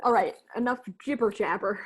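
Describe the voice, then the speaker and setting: A woman co-hosting a casual eating show, upbeat and quick to react. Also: medium pitch, breathy edge. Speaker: co-host. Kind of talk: casual chat while eating.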